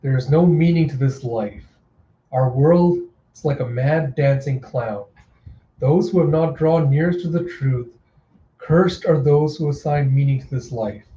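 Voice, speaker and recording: A man's voice: on the high side, a little slow, mellow, close to an everyday voice. A man voicing a theatrical, mocking male clown killer in a manga readthrough, with a giddy, taunting, raised voice. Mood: brooding. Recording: echoey room, dull lo-fi sound.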